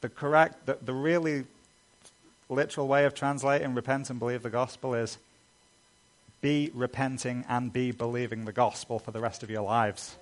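A man's voice: mid-range voice, steady tone, moderate pace. A man preaching a sermon as a pastor, earnest and emphatic, building lists of repeated phrases.

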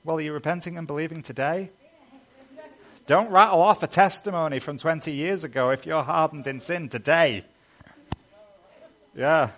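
A man's voice: a little high, moderate pace, long pauses, a bit bright. A man preaching a sermon as a pastor, earnest and emphatic, building lists of repeated phrases.

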